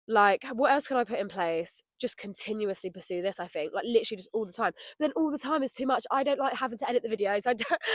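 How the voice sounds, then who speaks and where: A woman hosting a podcast, talking to herself in a rambling reflection, laughing often and swinging from loud outbursts to quiet murmurs. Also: mid-range voice, no room sound. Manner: talks to herself as "babe" and "darling". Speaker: podcast host. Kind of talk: solo spoken reflection outdoors.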